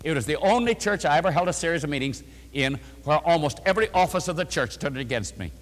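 A man preaching a sermon, emphatic, swinging between loud stresses and soft asides. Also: on the high side, expressive, fast talker. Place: church. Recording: long reverb of a church hall.

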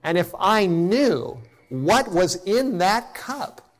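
A middle-aged man preaching a sermon to a congregation, telling a personal story in an earnest way that drops to a hush at tender moments. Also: high voice, very animated, slow pace. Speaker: pastor.

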